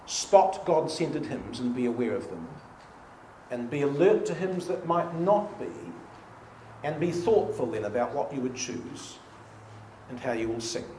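A man's voice: medium pitch, a little mellow. A man leading a church study meeting, reading hymn and psalm lines aloud with emphasis. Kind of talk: informal Bible study talk. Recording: echoey room with faint hiss.

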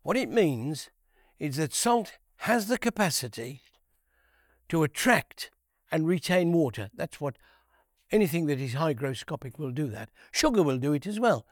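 Bible teacher, male, high voice, dry close sound, unhurried, repeats himself for emphasis. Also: sing-song, no echo. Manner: unhurried, repeats key phrases, asks rhetorical questions.

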